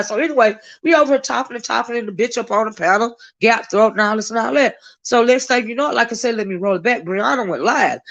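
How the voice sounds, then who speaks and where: A woman's voice: a little high, quick pace, few pauses, a bit bright. A woman hosting a live gossip stream, chatty and blunt, cussing freely and greeting viewers in the chat. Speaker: livestream host. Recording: dull lo-fi stream audio.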